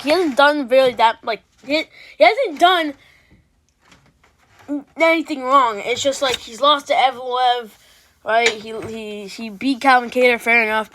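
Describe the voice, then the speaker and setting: Woman host, high voice, casual rambling reaction commentary with frequent restarts and swearing. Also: a bit bright, slight background noise.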